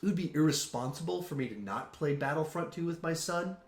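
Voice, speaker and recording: A fairly high-voiced man hosts a casual live-stream, his pitch leaping around as he restarts thoughts and piles on fillers. The sound is roomy and echoey. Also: a little fast. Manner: animated, trailing restarts and fillers. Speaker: host.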